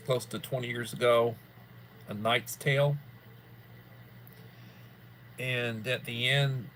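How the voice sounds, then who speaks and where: A man's voice: medium pitch, slight background noise. A man hosting a livestream in casual chat, rambling in a folksy way and repeating himself. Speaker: livestream host.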